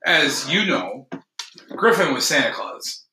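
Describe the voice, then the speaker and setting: A man hosting a podcast, telling a story in a casual, animated way and laughing as he acts out what people said. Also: a little high, takes it slowly, echoey room, noisy background.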